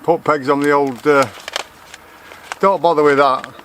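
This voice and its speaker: A man's voice: fairly high pitch, steady tone, unhurried, fairly bright tone, a little hiss or hum. A man from Lancashire rambling chattily in a casual outdoor vlog, correcting himself as he goes. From Lancashire, England. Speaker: vlogger. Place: outdoors in a garden.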